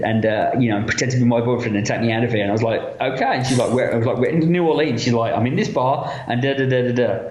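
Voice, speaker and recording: A man being interviewed as a guest, telling lively anecdotes with lots of fillers and quoted voices. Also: mid-range voice, reverberant, low-quality recording. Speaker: interview guest, effects makeup artist. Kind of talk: casual storytelling interview.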